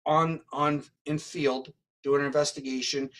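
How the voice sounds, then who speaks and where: A man's voice: fairly high pitch, measured pace. A man, a guest psychic medium and criminal profiler, telling a story in an interview and often tagging his lines with "right?". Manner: animated retelling, tags lines with "right?".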